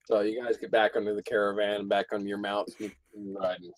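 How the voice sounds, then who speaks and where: A man's voice: fairly low pitch, little pitch movement, brisk, poor audio. A young man narrating as game master in a casual tabletop session, often restarting his sentences.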